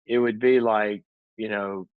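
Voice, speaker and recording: A man giving a conversational teaching talk, an animated storyteller who acts out the people he quotes. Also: lowish voice, measured pace, dry recording, narrow, tinny audio. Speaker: psychologist and speaker.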